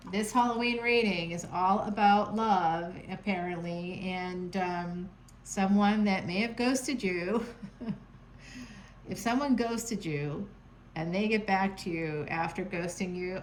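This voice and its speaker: A woman's voice: lowish voice, slight background noise, poor audio. A woman giving a casual, chatty tarot reading from home, playful and sarcastic, laughing often. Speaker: tarot reader.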